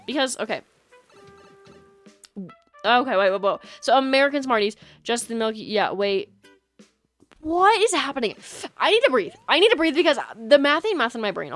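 Young female streamer, casual and scattered chatter to chat, soft music bed under a USB mic. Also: medium pitch. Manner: scattered, chatty, lots of fillers and laughs. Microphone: USB microphone. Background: soft lofi music.

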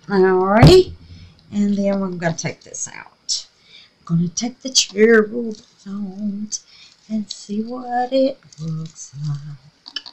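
A woman's voice: medium pitch, lively intonation, takes it slowly, darkish tone. A woman with a slightly scratchy voice, chatting casually and gushing as she walks viewers through a craft project. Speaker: resin craft vlogger. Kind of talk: casual crafting tutorial chat.

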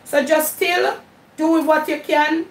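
A woman's voice: high-pitched, fairly even intonation, slow pace, vocal fry, echoey room, recorded from a distance, low-quality recording. A Jamaican woman hosting her cooking channel live, chatting casually with viewers in a mix of patois and English while she cooks. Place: home kitchen.

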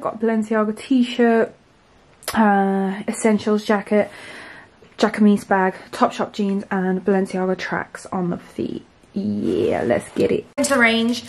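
A young woman, talking casually to camera in a rambling, chatty vlog. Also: mid-range voice. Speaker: vlogger.

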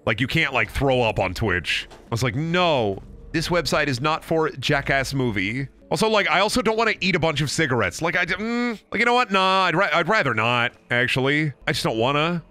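A man's voice: on the high side, big pitch swings, a little fast, few pauses, bright, forceful tone. A young man chatting casually on a gaming livestream, rambling and joking, often restarting his sentences. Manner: rambling, self-interrupting, joking. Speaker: streamer.

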